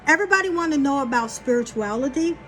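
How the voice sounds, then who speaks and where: A woman talking casually and bluntly to her viewers as a spiritual vlogger, animated and often profane. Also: high-pitched, quick pace, soft background music.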